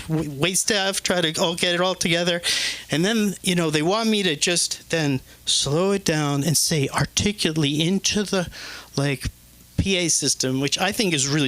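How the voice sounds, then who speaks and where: A man doing an open-mic stand-up set in a comedy club, talking in a halting, hesitant way with many restarts. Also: high voice, fairly bright tone, no echo.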